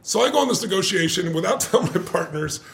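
An older man with a gravelly, fry-heavy voice pitched fairly high for a man. He tells a story in conversation with lots of energy, swears casually, and breaks into laughs. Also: fast. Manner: animated, swears casually, laughs often, acts out quotes.

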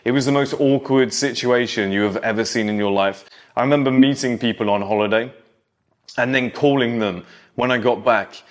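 A man's voice: medium pitch, moderate pace. A man in his thirties talking casually to camera, reminiscing and lecturing younger viewers about how things used to be. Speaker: vlogger.

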